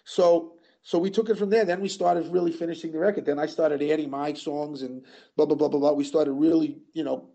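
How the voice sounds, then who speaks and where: An older man in a casual interview, rambling through his stories and circling back with restarts. His voice sits a bit high for a man and has a mellow, dark tone. The audio sounds dull, like lo-fi radio. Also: steady tone, brisk, gravelly. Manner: rambling, full of "you know" and restarts. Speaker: guest musician.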